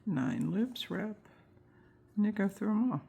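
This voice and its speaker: A woman walks viewers through a crochet pattern, counting each stitch aloud and adding friendly asides. Her voice is husky with a gravelly edge, and she talks at an unhurried, slow pace. She has the hiccups. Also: medium pitch, animated, dark tone. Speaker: crochet instructor. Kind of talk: step-by-step craft tutorial.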